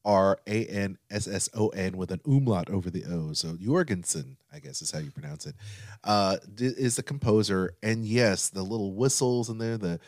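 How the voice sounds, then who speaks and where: Man, low voice, dry close sound, excited storyteller, podcast co-host. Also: moderate pace, dry recording. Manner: excited storytelling, acts out quotes. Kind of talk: casual chat.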